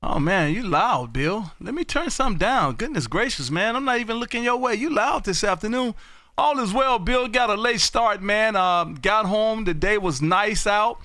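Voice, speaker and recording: A man hosting a ham radio show, calling CQ and chatting loudly and folksily with callers. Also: high-pitched, animated, no echo, studio quality. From Texas. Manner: loud, folksy, drawn-out exclamations. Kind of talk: casual on-air radio chat.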